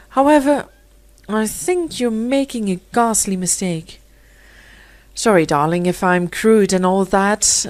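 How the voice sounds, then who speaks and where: A woman's voice: mid-range voice, darkish tone, no echo, natural voice. A woman voicing a suave, worldly husband in an audiobook story, speaking in a dry, teasing, assured manner.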